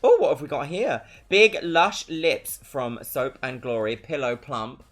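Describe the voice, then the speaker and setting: A woman's voice: a bass voice, lively intonation, unhurried, faint music behind. A young woman from London with a London accent, chatting on a live stream in a bubbly, giggly way. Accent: London English. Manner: bubbly, chatty, laughs often. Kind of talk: casual live-stream chat.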